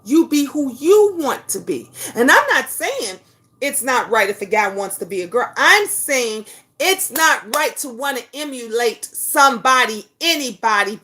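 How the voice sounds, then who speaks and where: Middle-aged woman host, high pitched, blunt, animated talker. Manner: blunt, animated storytelling with profanity; reads viewer comments aloud. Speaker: talk show host. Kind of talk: casual livestream chat.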